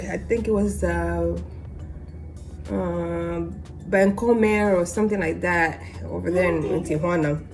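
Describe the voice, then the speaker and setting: A young woman from Africa telling a long personal story casually between bites, animated and acting out the other people's lines. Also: mid-range voice, a little hiss or hum. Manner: animated, acts out voices in quotes. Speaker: mukbang vlogger. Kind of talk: casual storytelling while eating.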